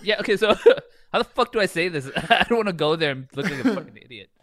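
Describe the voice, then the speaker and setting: Lively bright-voiced man, slow and rambling. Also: high voice, no echo, clean studio sound. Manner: rambling, swearing, laughing often. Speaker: podcast co-host. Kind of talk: casual podcast banter.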